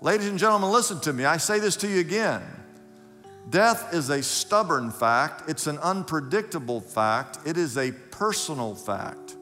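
A male pastor preaching a sermon with emphatic, rising delivery and a bright, somewhat high voice. The sound echoes through a large church hall with faint music underneath. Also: expressive, normal speed. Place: church sanctuary.

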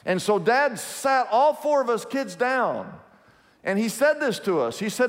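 A man preaching a sermon as a pastor, telling stories in an animated way and repeating his phrases. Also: high voice, moderate pace, big-room sound. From Kansas, USA.

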